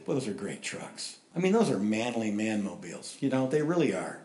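Animated preaching man, roomy echo. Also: mid-range voice, fairly quick, hardly any pauses. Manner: animated, conversational preaching with emphatic rises. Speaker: pastor. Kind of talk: sermon.

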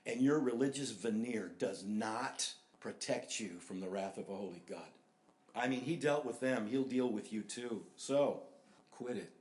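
An older American man preaching a sermon with emphasis, repeating key phrases and swinging between loud and hushed delivery. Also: on the low side, moderate pace. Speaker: pastor. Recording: echoey room.

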